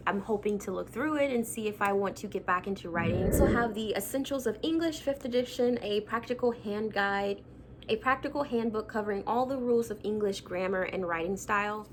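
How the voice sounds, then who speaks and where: A woman's voice: medium pitch, fairly quick, background noise. A young woman vlogging casually about her childhood books, chatty and self-mocking with lots of fillers. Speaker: book vlogger. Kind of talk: casual chat.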